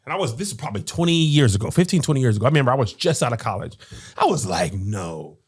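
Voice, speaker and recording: Animated woman podcast host making a case. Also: rumbling low, racing, husky. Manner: animated, argues points with rhetorical questions. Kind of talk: casual discussion. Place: podcast studio.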